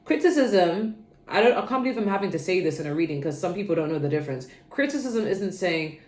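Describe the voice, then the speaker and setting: A woman's voice: on the low side, expressive, fast, a little mellow. A young woman giving a casual, chatty tarot reading to her viewers, rambling and checking in with "okay" often. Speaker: tarot reader. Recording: roomy echo.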